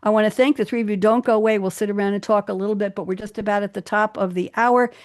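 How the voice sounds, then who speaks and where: An older woman hosting a live talk show with exuberant, theatrical energy. She chats warmly with her guests and reads her own verse with dramatic emphasis. The sound is close and dry. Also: medium pitch, fairly even intonation, fast, no room sound. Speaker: host.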